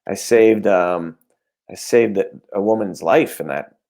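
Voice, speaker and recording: A man guesting on a podcast, chatting loosely and halting between thoughts. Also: lowish voice. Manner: relaxed, halting with fillers. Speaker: guest comedian. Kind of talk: casual chat.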